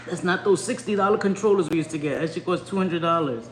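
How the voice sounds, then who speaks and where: Loud laughing woman live-streaming from home. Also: fairly low pitch, quick pace. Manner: loud, swearing, laughing often. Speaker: livestream host. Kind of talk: casual live-stream chat. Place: home bedroom at night. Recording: echoey room with faint noise.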